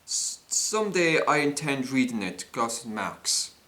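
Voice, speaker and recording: A man's voice: mid-range voice, big pitch swings, a little slow, pushed and bright. Man reading jokes with restarts. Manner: stumbling, frequent restarts and self-corrections. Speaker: joke reader.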